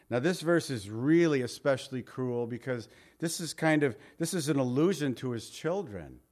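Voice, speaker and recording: A man preaching a verse-by-verse sermon in a conversational, emphatic way, reading scripture aloud and often dropping to a soft murmur. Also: medium pitch, animated, moderate pace, hardly any pauses. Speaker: pastor.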